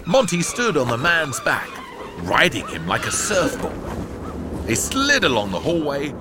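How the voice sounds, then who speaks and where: A man reading a children's storybook aloud, lively and playful, punching out sound-effect words. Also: fairly high pitch, unhurried, noisy background.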